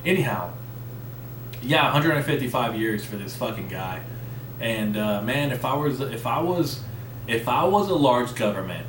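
A man's voice: medium pitch, lively intonation, unhurried, a bit bright, distant mic. A man hosting a podcast in a rambling, profane, conversational way, talking with a slight lisp. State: coughing. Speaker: podcast host. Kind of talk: casual solo podcast rant. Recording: roomy, off-mic, faint background noise.

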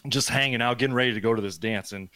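A man's voice: medium pitch, fast talker, pushed and bright, no room sound. A man from Nebraska telling a story as a podcast guest, rambling with lots of fillers and casual swearing. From Nebraska, USA.

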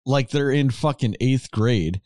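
A man's voice: medium pitch, a little slow, darkish tone, no room sound. A man in casual chat about a movie, blunt and swearing casually as he jumps in.

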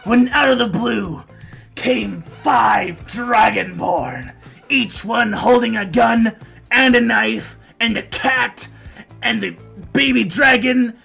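A woman tells a tall tale in a slow drawl with a heavy gravelly fry and a husky edge. She plays it big, in tabletop storytelling fashion. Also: a little high, a bit bright, soft background music. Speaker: player.

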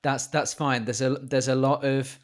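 A man's voice: mid-range voice, little pitch movement, moderate pace. A man in casual, rambling chat, joking and laughing often. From Britain.

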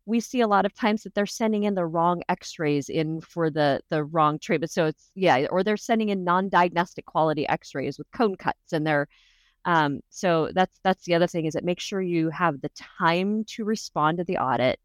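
A woman's voice: on the low side, normal speed, no room sound. A woman guest on a podcast interview, explaining practical advice step by step in a reassuring way. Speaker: guest, dental association benefits adviser.

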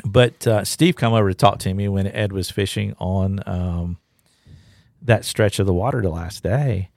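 A man's voice: on the low side, normal speed, vocal fry, a little mellow, no echo, studio quality. A man co-hosting a fishing podcast, telling stories in casual chat with many restarts. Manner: rambling storyteller with many restarts. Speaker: podcast co-host, fishing guide.

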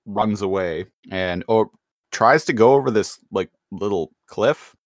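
A man's voice: lowish voice, unhurried, no echo, clean studio sound. A man in his thirties casually recapping a cartoon episode as a podcast co-host, laughing often. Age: 30s. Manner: laughs often, lively retelling of cartoon scenes.

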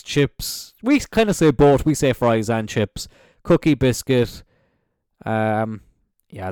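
Animated Irish man podcasting. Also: mid-range voice, clean tone, dry recording, studio quality. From Ireland. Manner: animated, jokey, swears freely. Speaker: podcast host. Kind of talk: casual solo podcast chat.

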